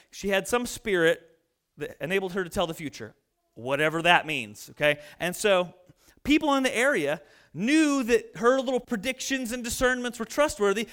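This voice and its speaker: Man preaching, high voice, humorous storytelling, animated, bible reading. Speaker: pastor.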